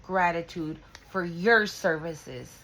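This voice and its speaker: A woman's voice: lowish voice, animated, slow pace, a bit bright, low-quality recording. A woman giving an intuitive tarot reading to her viewers, emotional and close to tears, drawing out her words for emphasis and breathing hard. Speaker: tarot reader.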